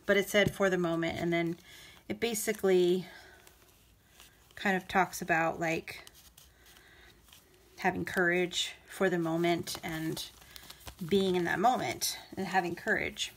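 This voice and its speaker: A woman's voice: lowish voice, fairly even intonation, unhurried, long pauses, a little hiss or hum. Chatty woman rambling while she crafts. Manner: rambling, many fillers and restarts; emotional, laughing between words. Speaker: crafting vlogger. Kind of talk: casual chat while crafting.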